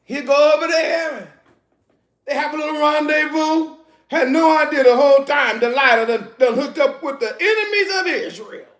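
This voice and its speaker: A man preaching a sermon in a loud, emphatic, laughing way, with slangy street talk, in an echoey room. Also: extremely high pitch, moderate pace.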